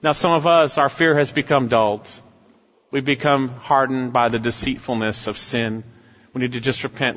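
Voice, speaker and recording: A male pastor preaching a sermon with emphasis, swinging between raised exhortation and low, quiet asides. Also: fairly even intonation, normal speed. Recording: dull lo-fi sound with long hall reverb.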